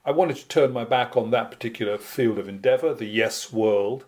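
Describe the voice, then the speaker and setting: A man's voice: mid-range voice, moderate pace, a little mellow. A man from Britain, a guest musician in a casual interview, telling anecdotes in a wry, self-deprecating way.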